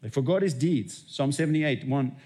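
A man's voice: medium pitch, expressive, moderate pace, mellow, husky. A man preaching a sermon as lead pastor, telling stories and acting out little dialogues. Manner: storytelling, acts out dialogue with God.

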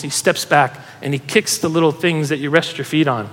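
Emotional pastor in a reverberant hall. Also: male voice, on the high side, moderate pace. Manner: animated, laughing, emotional storyteller. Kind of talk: sermon storytelling. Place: church hall with audience.

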